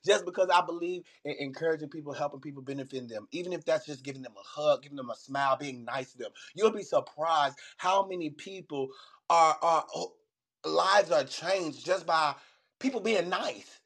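A man hosting a casual morning podcast, animated and emotional, with preacher-like calls of amen. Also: fairly high pitch, normal speed. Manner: animated and emotional, laughs often; preacher-like call and response. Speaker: podcast host. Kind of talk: casual morning show talk.

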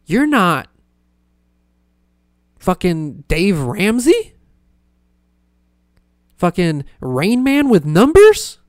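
A man's voice: high-pitched, wildly swooping pitch, very slow, pauses often, dry recording, clean studio sound. A young man hosting a solo podcast, rambling and self-deprecating with plenty of swearing. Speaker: podcast host. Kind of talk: casual solo podcast rant.

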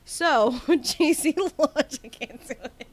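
A woman's voice: sits high, slow. A woman co-hosting a podcast, chatting casually and laughing constantly. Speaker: podcast co-host. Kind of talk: casual chat.

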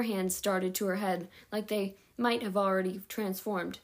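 A woman's voice: medium pitch, fairly even intonation, a little slow. A woman reading a novel aloud at home, with small slips and self-corrections along the way. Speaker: audiobook reader.

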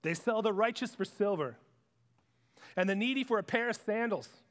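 A man voicing a grim male prophet who pronounces judgment slowly and solemnly, dropping low and near a whisper. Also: lightly acted. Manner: slow, low and solemn, sinking to a hush.

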